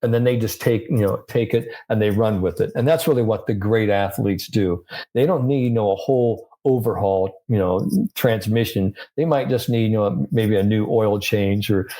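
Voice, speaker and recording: Animated male storyteller, older. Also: on the low side, moderate pace. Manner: animated storyteller acting out quoted voices. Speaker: sports psychologist guest. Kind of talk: storytelling interview.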